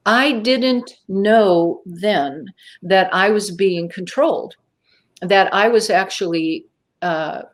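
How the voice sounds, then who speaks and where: A middle-aged woman telling a personal encounter story as a guest, animated and acting out her own past thoughts. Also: mid-range voice.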